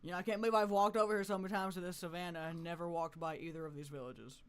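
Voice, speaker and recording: A man chatting through a live game stream, swinging from mumbly asides to loud, cartoonish exclamations and laughing often. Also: high-pitched, steady tone, very fast, clear, resonant tone. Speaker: gaming streamer. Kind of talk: live gameplay commentary.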